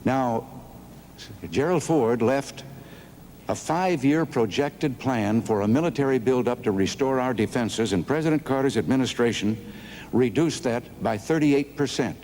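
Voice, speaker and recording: A man gives a rebuttal at a formal debate and works through his points one at a time. His tone is mellow and conversational. The archival audio carries a long hall reverb. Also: mid-range voice, unhurried, slight background noise.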